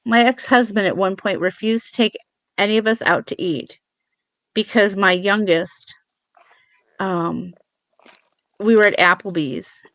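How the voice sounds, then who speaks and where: A middle-aged woman, a podcast guest, who talks in a relaxed, easygoing way and laughs often while swapping parenting stories. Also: medium pitch, unhurried, long pauses, dry recording. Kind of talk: casual chat.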